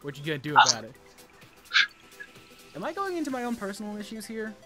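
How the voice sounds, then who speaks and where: A man talks casually about gaming, rambling through restarts and blunt, profane asides. His voice sits slightly high for a man. Music plays clearly underneath. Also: wildly swooping pitch, brisk, bright, forceful tone.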